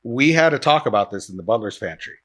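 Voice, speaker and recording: Male podcast host, mid-pitched, relaxed, keeps the talk moving. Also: fast, soft background music. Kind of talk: casual podcast chat.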